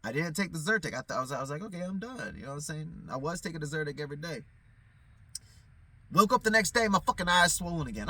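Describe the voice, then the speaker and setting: A man's voice: fairly high pitch, sing-song, fast talker, bright, forceful tone. A man talking in a loose, profane, rambling vlog monologue, often stammering and restarting. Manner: profane, loose, repeats "you know what I'm saying"; loses his train of thought, stammers restarts. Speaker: vlogger.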